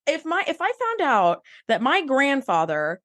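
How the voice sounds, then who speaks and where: A woman co-hosting a podcast in casual chat, blunt and quick to swear. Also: high-pitched. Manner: blunt, swears freely, animated outbursts. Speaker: podcast co-host.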